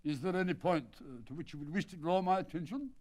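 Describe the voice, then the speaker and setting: A man's voice: a little high, fast talker, darkish tone, lightly acted. A man reading a storybook aloud and voicing a keenly curious police inspector. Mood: inquiring. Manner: inquiring, keen. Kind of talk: dramatic audiobook reading.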